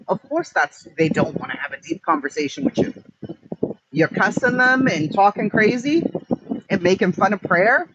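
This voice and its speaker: A man, an online streamer, ranting in blunt, profane, emphatic commentary. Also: sits high. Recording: muffled with steady background noise.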